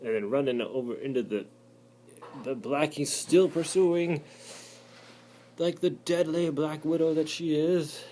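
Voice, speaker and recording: A man giving casual, excitable commentary over insect footage, muttering to himself between remarks. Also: mid-range voice, measured pace, long pauses, slight background noise. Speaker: channel host.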